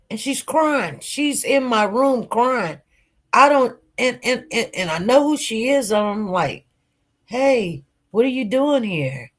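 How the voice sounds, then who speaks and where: Slow, rambling woman storyteller. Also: a little high. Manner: rambling, many fillers and repeated words. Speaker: streamer telling personal stories. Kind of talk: casual storytelling to viewers.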